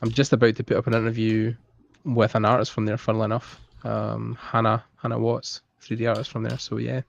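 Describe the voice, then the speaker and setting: Man, gravelly voice over muffled audio. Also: lowish voice, monotone, fairly quick. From Scotland. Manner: easygoing, rambling with fillers. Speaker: guest artist on a stream. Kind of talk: casual livestream chat.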